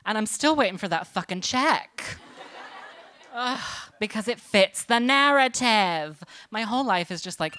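A woman's voice: medium pitch, animated, measured pace, bright, forceful tone, faint music behind. A woman harpist doing comedic stage banter between songs, sardonic and self-deprecating, with rambling asides. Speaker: harpist and songwriter.

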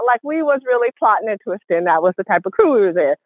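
A woman hosting a casual group call, chatty and lively, laughing often while walking. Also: mid-range voice, quick pace, hardly any pauses, no room sound. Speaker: host. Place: outdoors walking. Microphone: phone. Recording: tinny phone line, dry.

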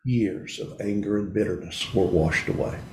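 A middle-aged man speaking to a men's group in an earnest, confessional way, often slowing down and pausing on emotional points. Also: deep voice, a little mellow, a little hiss or hum. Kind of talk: heartfelt talk to a men's group.

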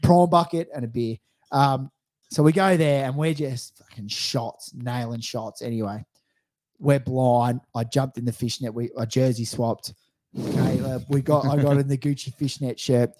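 Young australian man, mellow voice, rambling sweary storyteller. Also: medium pitch, fairly even intonation, a little slow. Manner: rambling, swears freely, acts out quotes. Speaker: podcast co-host. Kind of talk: casual storytelling chat.

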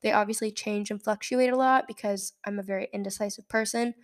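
A nineteen-year-old woman from Nebraska, telling a story in a casual, animated way and often laughing. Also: mid-range voice, fairly quick. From Nebraska, United States. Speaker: podcast host.

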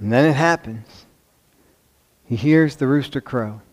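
Chicago-accented preacher swinging loud to hushed. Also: male voice, medium pitch, unhurried. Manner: dramatic swings between loud emphasis and hushed near-whispers; conversational asides, rhetorical questions. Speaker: pastor. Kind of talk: sermon.

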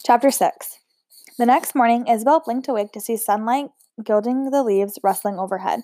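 A woman reading a novel aloud in a steady voice, with chatty asides. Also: on the high side, moderate pace, dry recording, clean studio sound. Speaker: audiobook reader.

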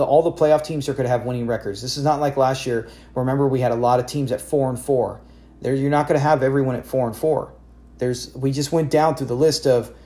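A medium-pitched man in his forties hosts a relaxed fantasy football talk podcast, spinning animated stories and frequently correcting himself along the way.

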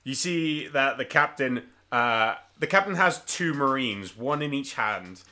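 A man's voice: medium pitch, lively intonation, a little slow, pushed and bright. A man narrating a tabletop game as game master, casual and full of ums and swearing.

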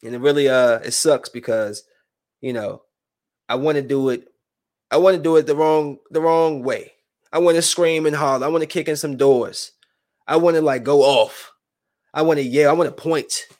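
Young guy ranting to his followers, kinda high voice, rambly, goes from low and broody to loud real quick. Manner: heated, rambling, swings between low brooding and loud outbursts. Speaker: vlogger. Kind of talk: emotional venting monologue.

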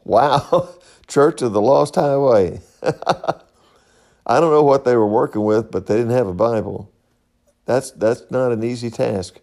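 A man's voice: mid-range voice, slow, gravelly, pauses often, a little mellow. Middle-aged guy rambling on his podcast, folksy, jokey, chuckles a lot. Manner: folksy, joking, laughs at own stories. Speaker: podcast host. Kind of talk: rambling casual monologue.

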